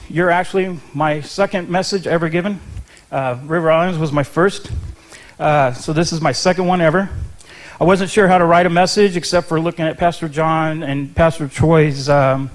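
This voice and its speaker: A ministry intern giving a short sermon in church, chatty and nervous, with lots of ums and restarts. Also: male voice, on the high side.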